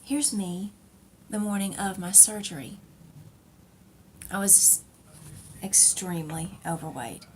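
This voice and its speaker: A woman's voice: medium pitch, takes it slowly, pauses often, a little hiss or hum. A middle-aged woman hosting a knitting podcast, telling a personal story in a chatty, rambling way with fillers and laughs.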